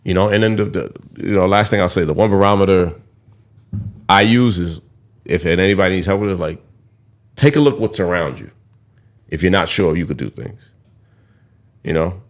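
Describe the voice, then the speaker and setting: A man's voice: deep voice, normal speed, long pauses. A young man hosting a podcast, talking candidly in a rambling, casual way and swearing freely. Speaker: podcast host.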